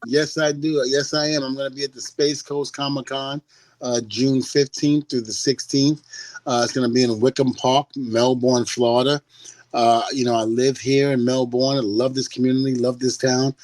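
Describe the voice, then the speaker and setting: A man's voice: medium pitch, little pitch movement, normal speed, a little mellow, dry recording, low-quality recording. A middle-aged man on a podcast, talking casually and animatedly, laughing and mimicking people as he tells stories. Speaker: podcast guest.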